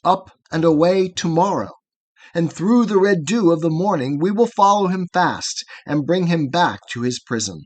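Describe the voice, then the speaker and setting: A man's voice: fairly high pitch, animated, normal speed, darkish tone. A man voicing a hearty older male herdsman, a former blacksmith, in a cheerful, reassuring way while reading a poem aloud.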